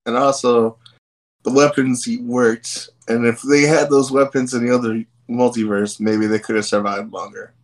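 A man's voice: mid-range voice, level tone, normal speed, poor audio. A man on a casual podcast, sarcastic, cutting in with jokes and getting heated. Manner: sarcastic, jokey interjections, gets heated. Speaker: podcast co-host. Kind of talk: casual review chat.

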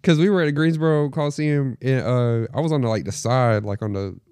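A young man co-hosting a podcast, chatting casually in an animated, slangy way with plenty of swearing. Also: mid-range voice, a little fast, clear, resonant tone, no room sound. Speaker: podcast co-host. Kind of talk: casual chat.

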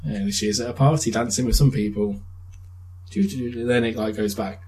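A man's voice: on the low side, a little fast, poor audio. Young man telling a sweary story. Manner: animated storytelling with swearing and laughs. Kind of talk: casual chat.

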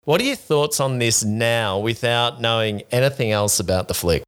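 A man's voice: mid-range voice, lively intonation, normal speed, fairly bright tone, clear, resonant tone. A man co-hosting a casual podcast, dry and teasing, reading aloud with a mock-dramatic flourish. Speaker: podcast co-host.

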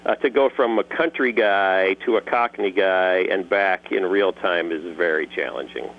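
A man answering interview questions in a casual, joking way, lively and quick to slip into voices. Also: low-pitched, creaky, muffled recording. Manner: animated, jokey, slips into character voices. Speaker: guest voice actor and creator.

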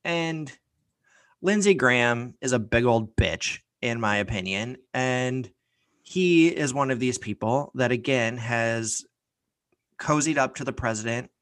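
A man's voice: medium pitch, fairly bright tone, dry recording. Profane, ranting male podcast host. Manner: profane, sarcastic, heated. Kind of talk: casual opinion rant.

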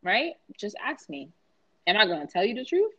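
A woman's voice: mid-range voice, sing-song, moderate pace, fairly bright tone, lo-fi sound. A woman co-hosting a podcast in casual chat, venting emphatically and profanely, often asking "you know what I'm saying". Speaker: podcast co-host.

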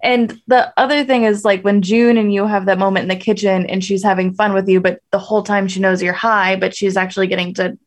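A woman's voice: mid-range voice, level tone, brisk, few pauses. A woman producer chatting casually as a podcast guest, laughing often and swearing now and then.

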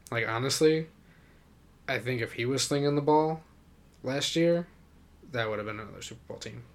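Guy co-hosting a sports podcast, mid voice, rambles and laughs a lot. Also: mid-range voice. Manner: laughs often, rambling and animated. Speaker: podcast co-host. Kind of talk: casual sports chat.

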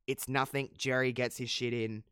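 With a flat delivery and a fairly bright, smooth mid-range voice, a man recaps a wrestling show at a moderate pace as a podcast co-host. The casual chat is profane and full of fillers, and he keeps laughing at his own jokes. It's clean studio sound, free of room sound.

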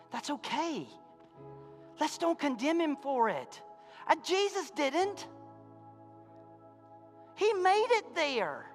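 A man pastor preaching a sermon in a church, folksy, calling out to his congregation, swinging from loud fervor to quiet intensity. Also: very high-pitched, wildly swooping pitch, a little slow, long pauses, faint music behind. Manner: impassioned, rising to shouts and dropping to quiet. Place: church sanctuary.

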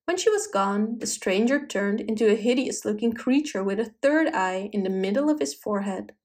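A woman narrating a folk tale in an expressive, dramatic storybook style. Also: fairly high pitch, fairly quick.

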